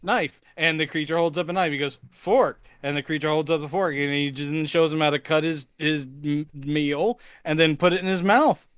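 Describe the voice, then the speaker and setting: A man's voice: a little high, steady tone, fairly quick, hardly any pauses, a bit bright, clear, resonant tone, dry recording. Dry, sarcastic male podcast host. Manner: dry, sarcastic, acts out quotes. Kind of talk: casual movie recap chat.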